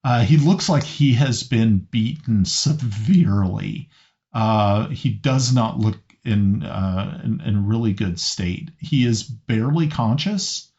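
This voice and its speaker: A man's voice: fairly low pitch, lively intonation, takes it slowly, a little mellow. A man narrating as game master of a tabletop game, hesitant and often restarting his sentences. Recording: slightly muffled lo-fi audio.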